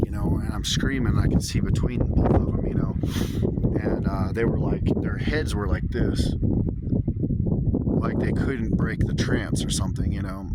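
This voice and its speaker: A man recording a vlog outdoors and retelling a story in a rambling, earnest way with many restarts. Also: low voice. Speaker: vlogger. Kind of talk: casual storytelling to camera. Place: outdoors under an open sky. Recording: loud background noise outdoors.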